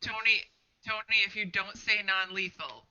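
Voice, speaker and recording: High-voiced teasing man over loud crowd. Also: moderate pace, lo-fi sound. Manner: playful, teasing. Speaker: player. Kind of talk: casual tabletop game chat.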